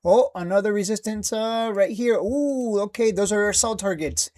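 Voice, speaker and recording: A man's voice: high voice, normal speed, darkish tone. A man hosting a live trading stream, ranting bluntly and with plenty of swearing, repeating himself in exasperation.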